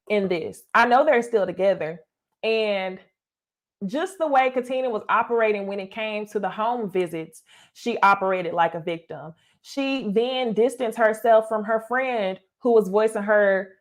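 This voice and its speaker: Blunt, animated woman. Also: medium pitch. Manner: blunt, animated, swears, addresses viewers as y'all. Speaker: reality TV commentator. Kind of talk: casual recap commentary.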